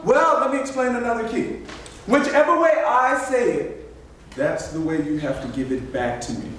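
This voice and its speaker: High, lively male storyteller in echoey room. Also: moderate pace, recorded from a distance, background noise. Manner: animated call-and-response, coaxing the audience. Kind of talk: live storytelling for children. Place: library event room. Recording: echoey room picked up from afar.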